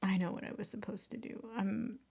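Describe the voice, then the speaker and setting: A woman's voice: medium pitch, steady tone, a little fast, vocal fry, a little mellow, slightly rough. A woman walking viewers through photo editing, drifting into whispers as she works and laughing at her own slip-ups. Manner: self-deprecating, often drops to a whisper while working. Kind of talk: casual screen-recorded tutorial.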